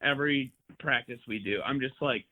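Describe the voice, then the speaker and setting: A man's voice: medium pitch, fairly quick, crowd noise. A man who plays guitar in a band, talking casually in an interview, rambling and repeating himself with lots of filler words, heard over the phone. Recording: tinny phone line.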